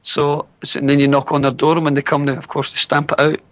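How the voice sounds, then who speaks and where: A man's voice: a little high, completely flat delivery, quick pace. Scottish man telling rambling stories. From Scotland. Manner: rambling anecdotal storyteller with restarts. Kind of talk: casual chat.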